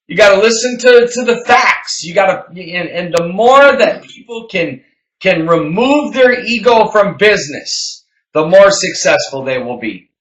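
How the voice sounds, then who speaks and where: A man's voice: high-pitched, animated, unhurried, a bit bright, echoey room, low-quality recording. A man co-hosting a business talk show, emphatic and preachy, repeating phrases for effect. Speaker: podcast co-host.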